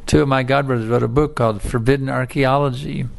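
A man with a mid-pitched, gravelly voice gives a sermon built around a fable. He talks casually and repeats himself, often turning back to his listeners to check they follow him. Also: steady tone, fast. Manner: colloquial, repetitive, keeps asking "you see?".

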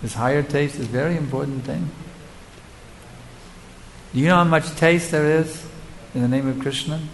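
A man's voice: on the high side, moderate pace, vocal fry, a little hiss or hum, rough recording. Emphatic male spiritual teacher. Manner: rhetorical, emphatic, asks the audience questions. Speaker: spiritual teacher answering audience questions. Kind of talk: devotional lecture Q&A.

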